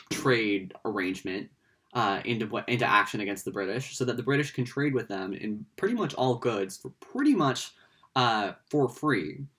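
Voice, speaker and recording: A man's voice: medium pitch, fairly bright tone. A man giving a casual history lecture, conversational and playful, with frequent fillers and asides.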